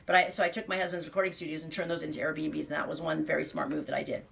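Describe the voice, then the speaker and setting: Fifties lady host, low gravelly voice, blunt rambling story, lots of ums and laughs. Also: fairly even intonation, rapid-fire, fairly bright tone. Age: 50s. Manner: rambling, blunt, full of fillers and restarts; laughs often. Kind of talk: candid personal storytelling.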